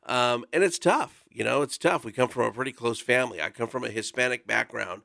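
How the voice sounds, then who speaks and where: A man's voice: medium pitch, a little fast, creaky, sharp tone, no room sound, clean studio sound. A man in his forties tells a personal story as a radio guest, earnest and conversational, with many fillers. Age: 40s. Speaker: volunteer guest speaker.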